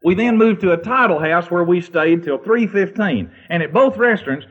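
Folksy high-voiced storyteller man, lo-fi. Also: animated, normal speed, breathy edge. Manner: folksy anecdotal storyteller, breaks into sung bits and laughter. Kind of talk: humorous storytelling. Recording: dull lo-fi recording.

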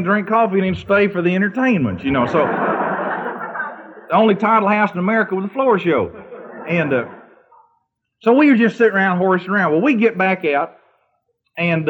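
An older man tells silly anecdotes in a loose, folksy way, breaking into sung bits and laughter. His voice is high for a man, and the recording is dull, muffled and lo-fi.

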